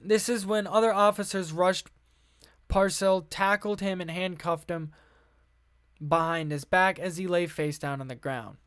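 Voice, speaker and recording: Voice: medium pitch, steady tone, measured pace, a bit bright, dry recording, studio quality. A podcast host who reads news articles aloud in a casual way, with many fillers, restarts, offhand asides and frank swearing. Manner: offhand asides between read passages.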